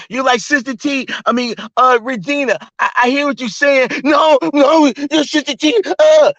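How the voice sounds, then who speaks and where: With a very high-pitched voice that sounds pushed and bright, recorded dry, a streamer host launches into a heated rant. He's profane and mocking and talks fast, all heard through dull, lo-fi stream audio.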